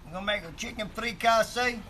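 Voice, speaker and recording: A middle-aged man chats through a live cooking stream outdoors, folksy and foul-mouthed. His voice sits high and bright. Faint outdoor noise runs underneath. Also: fast. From Louisiana. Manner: profane, joking, folksy. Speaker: outdoor cook and co-host. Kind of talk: casual live-stream chat.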